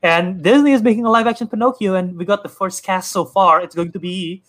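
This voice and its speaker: A man hosting a casual podcast chat, animated and rambling, laughing easily. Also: sits high, fairly quick. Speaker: podcast host.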